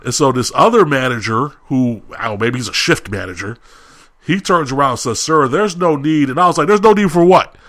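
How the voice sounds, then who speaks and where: A young man co-hosting a podcast retells a story casually but heatedly, ranting and quoting shouted lines. His medium-pitched voice is expressive and a little fast.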